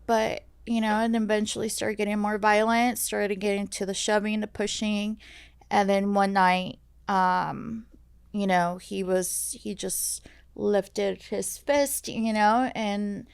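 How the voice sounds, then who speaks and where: Gravelly woman telling her story haltingly. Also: medium pitch, fairly even intonation, dry recording, studio quality. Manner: halting, many fillers and restarts. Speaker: guest sharing her story. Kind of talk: candid personal storytelling. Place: podcast studio.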